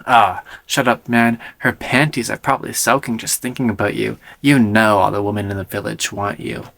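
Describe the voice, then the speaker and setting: A man's voice: lowish voice, level tone, moderate pace, creaky, fairly bright tone, a little hiss or hum. A man voicing a crude, pushy male centaur buddy in a bro-ish way.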